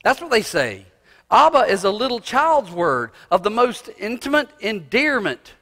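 A male pastor preaching a sermon in a church, swinging from loud cries to hushed asides. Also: high voice, very animated, a little slow. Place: church sanctuary. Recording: long reverb of a church hall.

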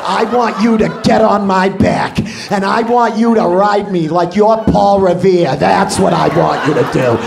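A man voicing a crude, loud woman with a thick Boston accent, yelling filthy demands in bed. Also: sits high, measured pace, vocal fry, few pauses. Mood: lusty, bellowing. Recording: laughing crowd in a club.

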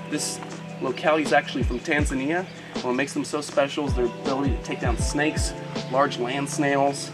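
A man hosting a casual animal vlog, talking excitedly and cooing to his pets as he feeds them. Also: medium pitch, reverberant, rough recording. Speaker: host of an animal channel.

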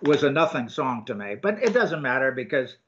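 An older man co-hosting a film review chat, talking casually and haltingly with many ums and restarts. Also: medium pitch, sing-song, fairly bright tone, slight background noise. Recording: dull lo-fi sound.

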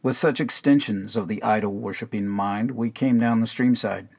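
Man, lowish voice, measured, unhurried, poetry reading. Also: creaky. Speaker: reader.

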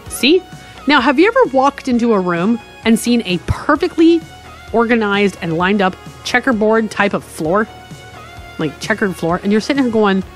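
A woman from Canada hosting a casual screen-recorded game tutorial, chatty and explaining step by step with asides. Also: medium pitch. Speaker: tutorial host.

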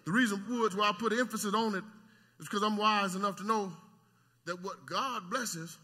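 A man preaching in a church, his voice pitched very high and ringing bright. He swings from quiet explaining to full-throated shouting and repeats words as he builds. The sound carries a long hall reverb. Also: normal speed, husky. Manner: swings between soft teaching and loud shouted preaching; stammering repetitions, call-and-response with the congregation. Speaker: pastor. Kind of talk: sermon. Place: church sanctuary.

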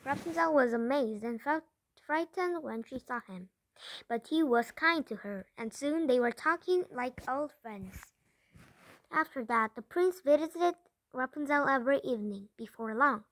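Woman reading a fairy tale aloud, high-pitched, dry close sound, careful with occasional restarts. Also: a bit bright, no echo, poor audio. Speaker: storyteller. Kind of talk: storybook read-aloud.

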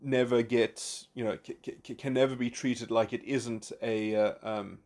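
A man's voice: medium pitch, fairly even intonation, a little mellow. A man giving an unscripted philosophical monologue, reflective and abstract, with frequent restarts, repeated words and fillers. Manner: halting, many restarts and fillers. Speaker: philosophy commentator.

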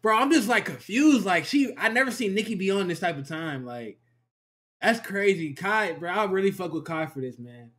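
A man reacting casually to a video clip, talking in loose slang and thinking out loud. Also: high voice, expressive, normal speed. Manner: loose slangy banter, talks to himself.

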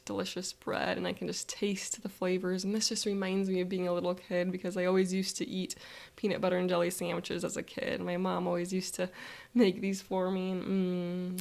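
Woman, guided visualization narrator, relaxed chatty present-tense storytelling, even pitch. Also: gravelly.

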